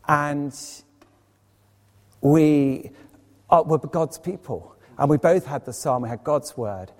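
A man preaching an evening sermon as a lay speaker, earnest and anecdotal with quick asides. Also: on the high side, big-room sound. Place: church, evening service.

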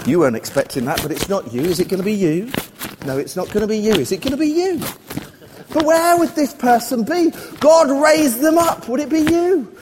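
A man giving an animated Bible talk to children, asking them questions and repeating lines rhythmically. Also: sits high. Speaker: children's church leader. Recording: echoey hall, faint noise.

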